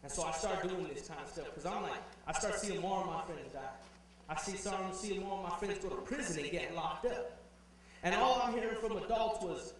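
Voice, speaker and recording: A young man telling a personal story in an animated way as a conference speaker, heard from afar in a big hall with a faint hum. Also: sits high, fairly quick, distant mic. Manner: animated, acts out quoted voices.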